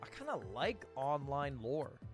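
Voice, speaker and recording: A man's voice: medium pitch, big pitch swings, unhurried, soft background music. A man narrating his own vlog, upbeat and confident with a self-deprecating edge. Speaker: YouTuber.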